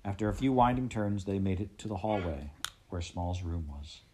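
A man narrating a storybook with a steady, expressive reading. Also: low voice, normal speed, a little hiss or hum. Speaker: audiobook reader.

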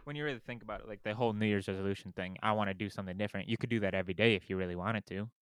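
A man's voice: lowish voice, very fast, clean tone, no room sound. A young man hosting a podcast in casual chat. He rambles and fills his talk with "like". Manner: rambling, lots of "like". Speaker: podcast host.

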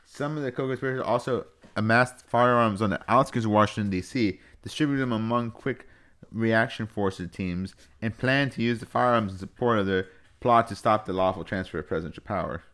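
A man's voice: lowish voice, fairly quick, fairly bright tone. A young man co-hosting a casual podcast, reading news aloud with jokey asides. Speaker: podcast co-host.

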